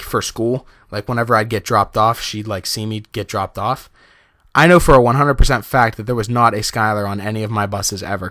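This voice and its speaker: A man's voice: mid-range voice, fairly bright tone, no echo, studio quality. A young man casually telling a personal story to his viewers, chatty and laughing often, with many fillers. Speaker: vlogger.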